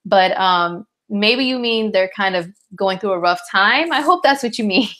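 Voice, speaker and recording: A woman's voice: mid-range voice, expressive, unhurried, a bit bright. A tired woman hosting a casual live astrology chat, talking in a slangy, chatty way and answering viewer comments. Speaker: astrologer host.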